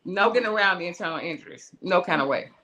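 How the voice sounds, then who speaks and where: A woman's voice: fairly low pitch, fast talker. A middle-aged woman, a guest musician, telling a personal story in an interview in a loose, conversational way, acting out the voices of the people in it. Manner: animated, acts out the voices in her story; loose, conversational, restarts and asides.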